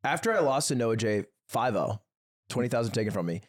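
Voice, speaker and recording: A man co-hosting a podcast in casual chat, telling animated stories and acting out what others said. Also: medium pitch, a little fast. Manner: animated storyteller, acts out quotes. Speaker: podcast co-host.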